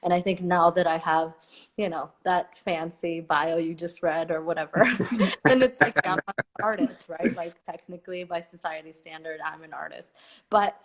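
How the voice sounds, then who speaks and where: A woman's voice: lowish voice, normal speed. A woman from Napa, California, telling a story as a guest artist in a casual conversation, with lots of fillers and restarts. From Napa, California, USA. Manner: animated, laughs often, lots of fillers and restarts.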